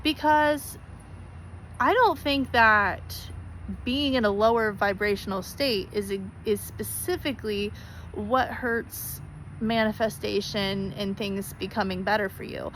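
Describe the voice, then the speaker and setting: A woman's voice: mid-range voice, slow pace, a bit bright, slight background noise, poor audio. A woman speaking straight to her viewers in an earnest, pleading way, repeating herself for emphasis. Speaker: spiritual vlogger. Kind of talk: heartfelt direct-to-camera talk.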